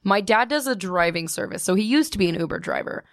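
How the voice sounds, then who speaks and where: A woman's voice: mid-range voice, animated, fast, creaky, dry recording, clean studio sound. A young adult woman from Ohio co-hosting a podcast, chatting casually with friends, rambling and laughing often. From Ohio, USA. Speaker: podcast co-host. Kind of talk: casual chat.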